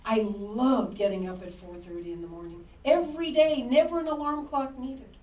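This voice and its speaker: A woman in her sixties, an author, telling stories from her life in a lively, wry, dramatic way. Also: on the high side, normal speed. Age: 60s. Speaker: author and speaker. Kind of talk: storytelling talk. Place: library hall, indoors. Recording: roomy hall, distant dull mic.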